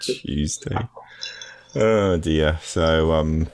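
A man's voice: very deep voice, drawn-out words, a little mellow. A man co-hosting a casual podcast, rambling and hesitant, chuckling as he goes. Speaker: podcast co-host.

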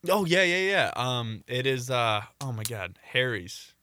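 Bright-voiced young man telling a story. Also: medium pitch, a little slow, clean tone, no room sound. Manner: animated storytelling, acting out quotes. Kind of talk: casual podcast chat.

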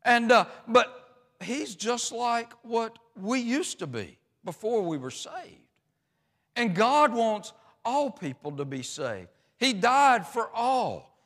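A man's voice: very high voice, sing-song, takes it slowly, a bit bright, big-room sound. A man preaching a sermon in a folksy, rambling way, with many restarts and fillers.

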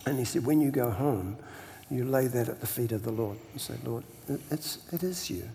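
An older man from New Zealand with a New Zealand accent, telling stories as a pastor guest in a relaxed interview, laughing often and repeating words as he starts his sentences. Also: mid-range voice, moderate pace, creaky, slight background noise. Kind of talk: storytelling interview chat. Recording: long hall reverb.

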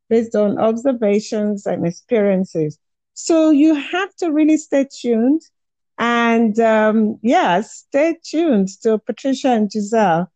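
A woman's voice: a little high, mellow, no echo. A woman co-hosting a podcast, speaking in an upbeat, casual way. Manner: upbeat, wrapping up with a list of plans. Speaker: podcast co-host.

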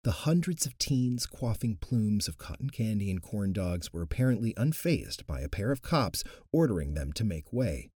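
A man narrating an audiobook in an expressive, animated way, close to the mic. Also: lowish voice, moderate pace, hardly any pauses, breathy edge, no room sound.

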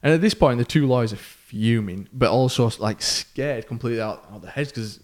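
A man hosting a podcast, spinning a tale in a casual chatty way. His voice sits at an ordinary middle pitch, and his animated telling leans into the tension as the story builds. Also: brisk. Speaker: podcast host.

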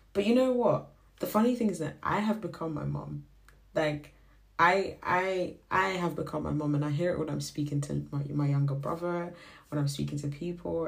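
A young woman whose first language is Shona hosts a podcast, telling a faith reflection in a casual, animated way and acting out the voices she quotes. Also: low voice, normal speed, creaky. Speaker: podcast host.

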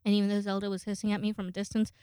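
Chatty woman, smooth and dry. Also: medium pitch, little pitch movement, racing, mellow, no echo. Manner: chatty, profane, rambling with frequent fillers. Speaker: vlogger. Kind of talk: casual storytime chat. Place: home, indoors. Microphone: close microphone.

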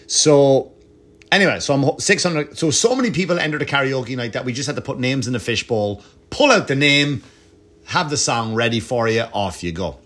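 A middle-aged Irish man, a comedian, telling profane, animated anecdotes at home with lots of asides. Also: medium pitch, normal speed. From Ireland. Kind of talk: casual storytelling. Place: home, dog nearby.

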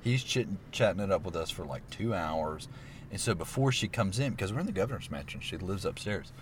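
Man, very low voice, swooping intonation, animated storyteller, faint ambient noise. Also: a little fast. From Alabama. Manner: animated, laughs often, says "bro". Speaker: podcast guest. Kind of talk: casual storytelling.

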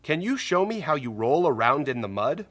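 A man's voice: a little high, big pitch swings, normal speed, fairly bright tone, breathy edge, heavily acted. A man voicing a jolly, friendly pink pig who asks children to join in. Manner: cheerful, inviting children to join in.

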